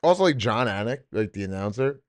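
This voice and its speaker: A young man with a low voice chats casually as a podcast host, swearing freely and laughing along. The sound is dry and close, with no room around him. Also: animated, a little fast, smooth, no room sound. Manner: profane, laid-back, laughs often. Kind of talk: casual chat.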